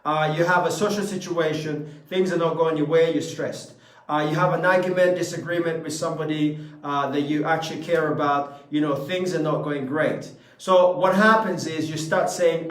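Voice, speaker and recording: A man's voice: a little high, steady tone, moderate pace. A man giving a motivational talk to a live audience. He is emphatic, repeats phrases and keeps asking the listeners questions. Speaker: motivational speaker. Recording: echoey room from a distance.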